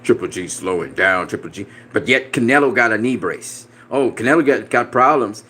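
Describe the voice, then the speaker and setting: A man's voice: on the low side, lively intonation, normal speed, bright, forceful tone, slightly rough. A man ranting about boxing in a reaction video, profane, combative and dismissive, repeating himself and laughing mockingly. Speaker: boxing commentator.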